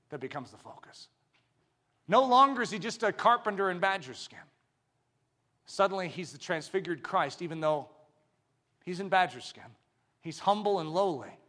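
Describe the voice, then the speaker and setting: A man preaching a sermon, swinging from loud emphatic declarations to hushed, intense lines and asking the congregation rhetorical questions. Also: high-pitched.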